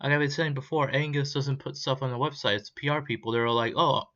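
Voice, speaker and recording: Angry young man ranting, bright voice. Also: medium pitch, fairly even intonation, quick pace. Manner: heated, profane, rambling. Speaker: vlogger. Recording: dull lo-fi sound.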